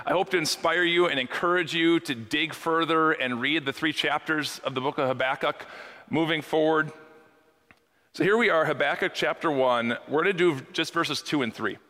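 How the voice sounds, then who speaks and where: A man's voice: fairly high pitch, normal speed, pushed and bright. A man preaching a sermon to his congregation in a church hall, talking conversationally with humor and rhetorical questions. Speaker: pastor. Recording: echoey hall.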